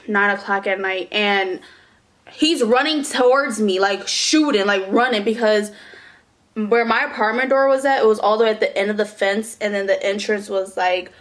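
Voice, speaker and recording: A young woman vlogger telling a storytime in a casual, animated way, swearing and saying "like" a lot. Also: medium pitch.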